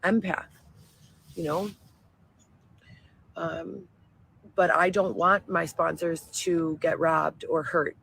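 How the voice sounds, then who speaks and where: A woman's voice: fairly low pitch, level tone, slow pace, creaky, pauses often, fairly bright tone, breathy edge, poor audio. A woman talking in a wandering, emotional and self-righteous way, in a clip played back. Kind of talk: rambling monologue. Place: outdoors, living in a tent.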